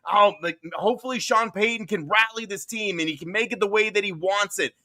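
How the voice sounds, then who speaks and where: A man's voice: high-pitched, a little fast, sharp tone, no room sound, clean studio sound. A man hosting a podcast, chatting casually and running through playful, teasing rants. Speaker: podcast host.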